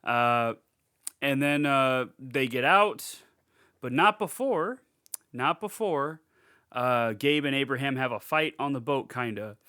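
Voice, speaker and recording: A man's voice: mid-range voice, lively intonation, takes it slowly, pushed and bright, clear, resonant tone. A young man recapping a movie in casual podcast chat, rambling with lots of fillers and swearing freely. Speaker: podcast co-host.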